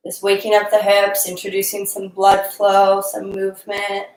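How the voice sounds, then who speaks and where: A young woman guides a live-streamed yoga class while moving along with it, her mid-pitched voice casual and encouraging. She sounds a little out of breath at times. The room around her is noticeably echoey. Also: monotone, moderate pace, a little mellow. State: slightly out of breath. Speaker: yoga instructor.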